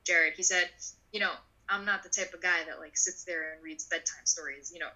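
A woman in her twenties telling a personal story in an interview, animated and full of "like", acting out the voices of people in her story. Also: on the low side, a little fast, poor audio. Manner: animated, acts out voices in quotes; filler-heavy, frequent "like". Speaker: guest.

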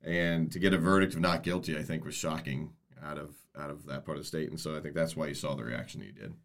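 A man with a very low, deep voice, co-hosting a relaxed podcast discussion. He talks in halting bursts, often repeating a word before the thought comes out. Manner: halting, repeats words when starting a thought. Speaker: co-host, former prosecutor.

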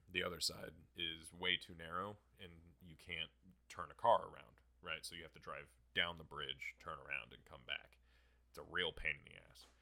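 A young man hosting a podcast, telling a story in a casual, profane, animated way. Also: extremely low pitch, moderate pace, gravelly. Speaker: podcast host.

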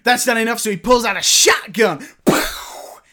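Animated man telling a bloody scene. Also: very high-pitched, fairly quick. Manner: animated, swearing, rising to shouts. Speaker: performer. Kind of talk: performing a film monologue.

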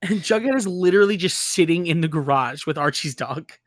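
A woman's voice: on the low side, animated, brisk, no room sound, clean studio sound. Rambling young woman podcast host. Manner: rambling, laughing, acts out quotes. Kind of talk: casual recap chat.

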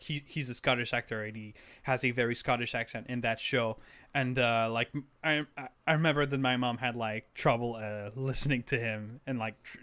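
A man's voice: mid-range voice, fairly bright tone, clear, resonant tone. A young man co-hosting a podcast, chatting casually, hesitant, full of restarts and fillers, and laughing easily. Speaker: podcast co-host. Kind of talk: casual chat.

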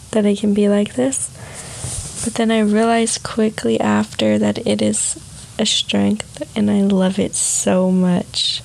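A young woman vlogging a soft, heartfelt personal reflection on emotions. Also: medium pitch, vocal fry, slight background noise, poor audio.

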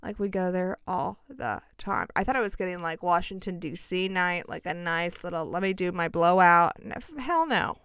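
A woman's voice: fairly low pitch, expressive, moderate pace, hardly any pauses, a bit bright, clean tone, no room sound, studio quality. A woman telling a personal story in a casual, chatty way, full of self-mocking and dramatic asides.

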